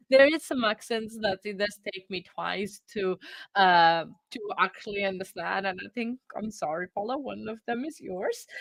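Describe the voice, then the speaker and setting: A woman with a slightly high voice hosts a live stream, rambling through casual chat and laughing easily. Her voice is picked up on a close, dry microphone with no room sound. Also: sharp tone, no room sound. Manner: chatty and rambling, laughs often. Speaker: livestream host.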